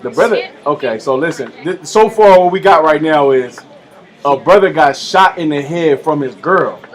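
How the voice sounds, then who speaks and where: A man's voice: fairly high pitch, lively intonation, normal speed. A man hosting a live radio show in casual chat, loose and slangy, leaning on "you know what I'm saying". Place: large indoor room.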